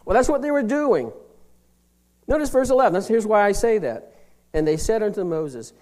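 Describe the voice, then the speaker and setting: A man preaching a sermon, reading scripture slowly and explaining it plainly, swinging between loud emphasis and hushed, near-whispered lines. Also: sits high, lively intonation. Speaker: pastor.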